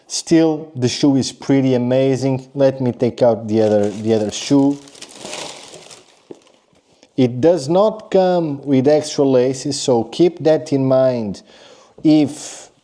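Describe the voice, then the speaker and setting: Chatty man with a very dark voice. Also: medium pitch, slow pace. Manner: chatty, direct address with frequent "okay?" and restarts. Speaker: sneaker reviewer. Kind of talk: casual sneaker review.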